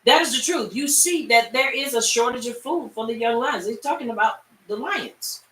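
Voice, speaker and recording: Bright-voiced woman teaching scripture. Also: a little high, moderate pace. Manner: lively storyteller, talks straight to the class. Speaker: Bible class teacher. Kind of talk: animated Bible-study teaching. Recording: echoey room, far from mic.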